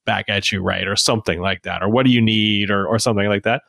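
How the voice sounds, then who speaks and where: A man in his thirties chatting casually as a podcast co-host, telling lively stories and putting on childlike quotes. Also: on the low side, quick pace, vocal fry, dry recording, studio quality. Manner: animated storytelling with childlike voiced quotes. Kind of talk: casual chat.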